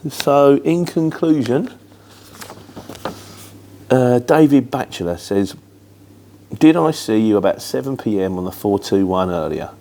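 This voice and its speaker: Here the same kind of speaker, a middle-aged man from Luton whose English carries a London tinge, chats casually through viewer questions in a rambling, matter-of-fact manner. His mid-range voice is dark-toned and expressive, unhurried and full of pauses, with slight background noise.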